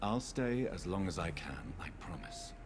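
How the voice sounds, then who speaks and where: Sad undead son in a game, deep calm voice, music loud behind. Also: male voice, full character voice. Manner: measured, quiet, patient. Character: undead young doctor son, restrained and sorrowful. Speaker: game protagonist.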